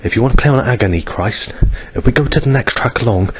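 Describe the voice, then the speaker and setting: A man's voice: medium pitch, animated, fast talker, a little hiss or hum. A man in pain, rambling through a coarse and bitter personal video diary between coughs. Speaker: vlogger.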